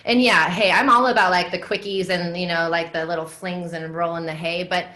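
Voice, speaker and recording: A woman with a fairly low voice talks as a podcast guest. She is relaxed and reflective, and her speech is loose and full of fillers. The talk is a casual, open conversation. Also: brisk. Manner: relaxed and reflective, frequent likes and laughs. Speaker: guest, dominatrix and somatic educator.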